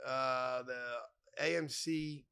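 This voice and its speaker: A man's voice: mid-range voice, fairly even intonation, very slow, creaky, sharp tone, clear, resonant tone. A middle-aged man hosting a podcast in a bar, telling rambling, profane, jokey stories full of name-dropping. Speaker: podcast host. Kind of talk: casual storytelling chat.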